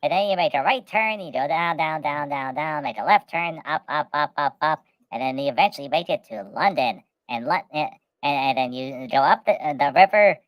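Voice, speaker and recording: A woman's voice: low voice, animated, brisk, no room sound, highs cut off. A woman hosting a podcast, telling a rambling comic story, repeating words and speaking of herself in the third person. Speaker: podcast host.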